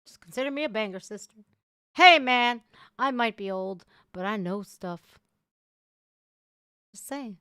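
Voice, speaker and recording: A woman hosting a casual livestream, chatting loudly and crudely with her viewers. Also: a little high, measured pace, pauses often, clear, resonant tone, no room sound, studio quality. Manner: loud, bubbly, crude banter with viewers. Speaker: livestream host.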